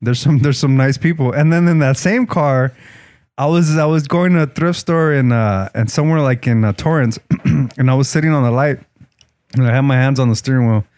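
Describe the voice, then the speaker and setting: A man's voice: mid-range voice, brisk, a little mellow, no echo, clean studio sound. A man telling stories in casual, profane chat, slipping into Spanish. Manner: profane, laid-back, switches into Spanish. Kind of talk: casual storytelling.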